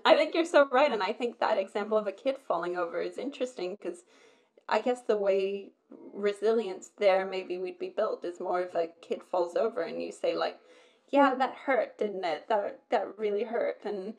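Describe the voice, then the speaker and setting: A woman's voice: medium pitch, normal speed. Woman, chatty, rambling, casual talk, laughs a lot. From Britain. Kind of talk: casual chat.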